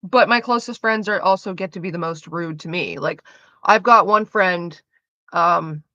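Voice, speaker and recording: Chatty woman streamer, talks a mile a minute, bright and dry, lo-fi mic sound. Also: lowish voice, dry recording. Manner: fast rambling talker, swears freely. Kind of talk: casual chat.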